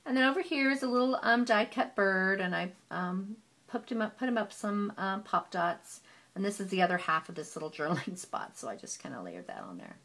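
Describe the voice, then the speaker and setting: A woman casually walking through a handmade scrapbook album, chatty and gushing, with frequent "um" pauses. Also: medium pitch, lively intonation, a bit bright. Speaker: papercraft hobbyist.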